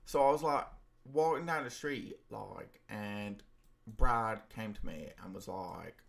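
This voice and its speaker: A man's voice: fairly low pitch, slow, vocal fry. A man doing a rambling Essex gossip. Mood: gossipy. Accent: imitated Essex. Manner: rambling, filler-heavy gossip.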